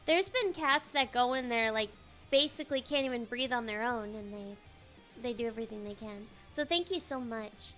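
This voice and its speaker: A young woman streamer chatting casually on a live stream, rambling and halting, often repeating her words. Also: a little high, bright, forceful tone, faint music behind.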